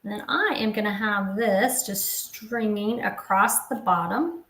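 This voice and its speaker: A woman in her fifties casually demonstrates a papercraft project, chatting and explaining each step as she works. Her voice is medium-pitched, unhurried and a bit bright, recorded in an echoey room.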